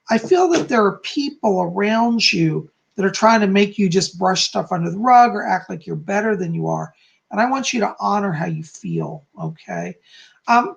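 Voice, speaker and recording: Gravelly-voiced man giving psychic readings. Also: high voice. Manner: chatty, reassuring, ends points with "okay?". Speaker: psychic host. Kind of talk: live-stream psychic reading.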